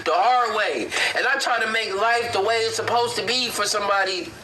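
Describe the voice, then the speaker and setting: A grieving man talks haltingly in an interview, his voice pitched high for a man and breaking as he stumbles over repeated words. He sits back from the microphone, and a clear layer of background noise runs under him. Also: far from the mic. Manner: halting, repeats words while searching for them. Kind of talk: emotional news interview.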